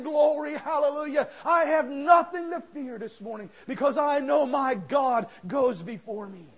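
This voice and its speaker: Brief: fiery male pastor, high-pitched, shouts through the sermon. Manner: impassioned, shouting, calls listeners friends. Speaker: preacher. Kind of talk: fervent sermon.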